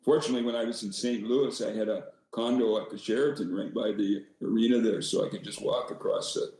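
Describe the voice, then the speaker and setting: An older man guesting on a podcast, easygoing and self-deprecating as he rambles through old stories. His voice is low and mellow. The sound is heavily echoey, like a remote call from a bare room. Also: steady tone, a little fast. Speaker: podcast guest, former hockey coach. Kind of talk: casual storytelling.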